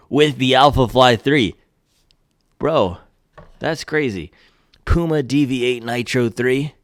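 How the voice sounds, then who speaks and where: Excitable low-voiced man reviewing shoes. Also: no room sound, clean studio sound. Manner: excitable, exclaiming, slangy. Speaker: shoe reviewer. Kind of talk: casual product review vlog.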